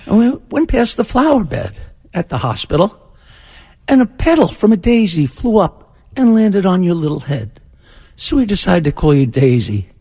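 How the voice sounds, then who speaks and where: A man voicing a gentle father who tells each of his daughters how she got her name. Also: high voice, slightly rough, heavily acted.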